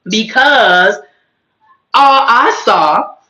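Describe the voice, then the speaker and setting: A woman hosting a casual livestream, chatting to her viewers in an animated, churchy manner while her voice is just recovering. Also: a little high, drawn-out words, roomy sound, low-quality recording. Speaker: host.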